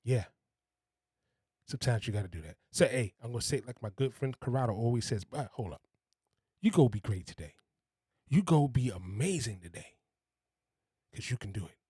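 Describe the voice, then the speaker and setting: A man's voice: mid-range voice, sing-song, moderate pace, long pauses, dark tone, breathy edge, no echo, clean studio sound. A man hosting a podcast, talking casually and with enthusiasm, repeating words for emphasis. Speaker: podcast host. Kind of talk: casual spoken monologue.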